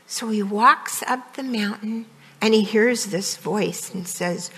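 A woman's voice: medium pitch, slow, fairly bright tone, breathy edge. A woman retelling a Bible story in a homey, conversational way with frequent "um"s. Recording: long reverb, roomy hall sound.

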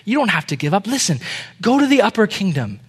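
A man's voice: high-pitched, very animated, quick pace, husky, voice pushed up, heavily acted. A man voicing an earnest pleading prince. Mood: urging. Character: kind, devoted young prince pleading for others.

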